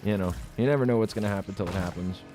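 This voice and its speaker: A man's voice: lowish voice, racing, music in the background. A man livestreaming, reading out his chat and answering it in a combative, sarcastic way, swearing freely and laughing at his own jokes. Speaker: streamer.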